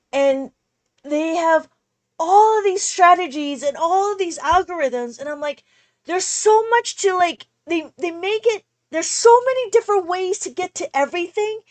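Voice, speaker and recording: A woman teaching math in a casual livestream, talking in an animated, exasperated way. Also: high-pitched.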